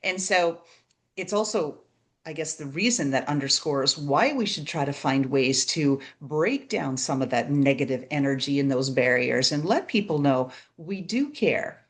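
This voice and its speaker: A woman with a notably low voice hosting an interview podcast. She muses conversationally and keeps checking in with a quick "right?". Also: expressive. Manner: conversational, reflective, often tags "right?". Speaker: podcast host. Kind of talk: casual interview chat.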